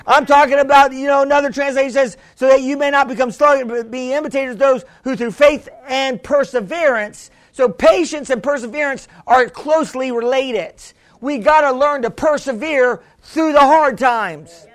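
A man preaching a sermon who keeps restarting, calls out to the congregation, and rises into shouted passages. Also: very high voice, moderate pace, few pauses. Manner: fervent, builds to shouts, calls for a witness.

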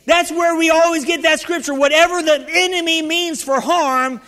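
Fervent high-voiced male preacher in a hall. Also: steady tone, moderate pace, sharp tone. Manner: fervent, calls out to the congregation. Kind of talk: sermon. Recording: long hall reverb.

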